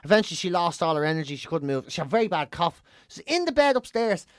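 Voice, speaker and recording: A podcaster, cursing casually and telling lively stories. The voice sits in a middling range. It is recorded close and dry. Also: medium pitch, fast, no room sound. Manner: swears freely, tells animated stories. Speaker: podcast co-host. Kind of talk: casual chat and anecdote.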